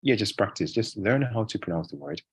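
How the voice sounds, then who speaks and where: A man with a very deep, slightly husky voice speaks in an easygoing interview. He rambles, restarts sentences and leans on fillers as he explains things. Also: expressive, a little fast. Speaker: guest English speaker. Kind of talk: casual conversational interview.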